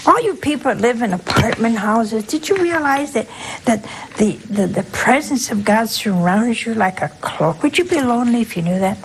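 A woman's voice: on the high side, lively intonation, normal speed, slight background noise, low-quality recording. An older woman, a nun, giving a folksy sermon full of rhetorical questions and asides to her listeners. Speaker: nun preaching a talk.

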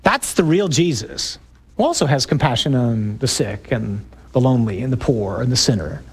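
A man's voice: medium pitch, expressive, moderate pace, breathy edge. A male priest giving an emphatic, conversational talk to a group, with rhetorical questions.

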